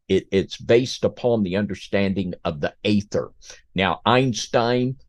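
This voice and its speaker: A man's voice: lowish voice, a little slow, no room sound. A man co-hosting a podcast, earnestly building an argument step by step. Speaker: podcast co-host. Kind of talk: casual podcast discussion.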